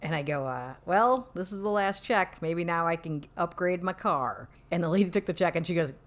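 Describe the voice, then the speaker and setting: A woman's voice: on the low side, animated, normal speed. A woman in her forties co-hosting a casual chat with her husband, wry and dry in her humor. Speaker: podcast co-host.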